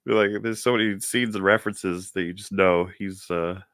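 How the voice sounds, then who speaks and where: A man's voice: deep voice, fairly even intonation, moderate pace, a bit bright, dry recording. A man co-hosting a livestream chat, talking in a wry, laid-back way. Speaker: co-host.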